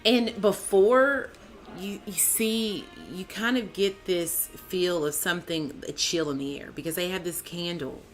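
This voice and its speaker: A woman hosting a casual TV recap, excitable and chatty, calling out to her co-host and viewers with lots of "like", "man" and "dude". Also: fairly low pitch, measured pace, soft background music. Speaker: TV show reviewer, channel host.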